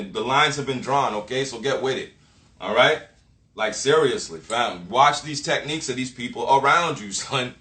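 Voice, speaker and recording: A man's voice: medium pitch, a bit bright. A man delivering a blunt motivational rant full of swearing and street slang, lecturing the listener directly. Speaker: motivational vlogger. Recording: echoey room.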